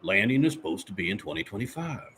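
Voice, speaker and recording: A man voicing a folksy, rambling middle-aged handyman who clears his throat often while chatting with viewers. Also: fairly low pitch, big pitch swings, fast, a bit bright, slight background noise. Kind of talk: live-stream character chat reading viewer comments.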